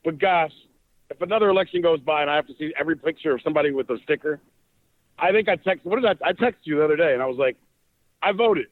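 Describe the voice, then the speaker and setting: Slightly high-voiced man on a tinny line. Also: very fast, dry recording. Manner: rambling, conversational, jokey asides. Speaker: podcast co-host. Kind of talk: casual chat. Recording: dry, tinny phone-like line.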